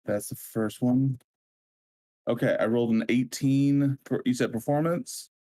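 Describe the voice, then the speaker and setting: A man's voice: mid-range voice, steady tone, unhurried, dark tone. A man playing a tabletop game, chatty and laughing as he describes his character. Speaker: player. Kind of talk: casual tabletop game play.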